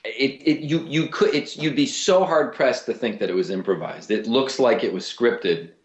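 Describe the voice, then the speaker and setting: A man, a voice actor and comedian, telling stories in a casual interview with lively restarts. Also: medium pitch, moderate pace, echoey room. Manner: animated storyteller, lots of restarts.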